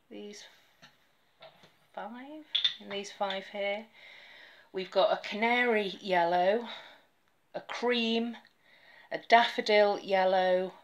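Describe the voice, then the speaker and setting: A woman chatting casually to camera about nail polish, rambling a little and dropping into soft whispered asides. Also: on the low side, lo-fi sound.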